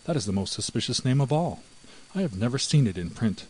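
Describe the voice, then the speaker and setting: A man's voice: expressive, brisk, darkish tone, breathy edge, rough recording. A man voicing a timid, fretful female house mouse in a storybook reading. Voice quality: high and anxious.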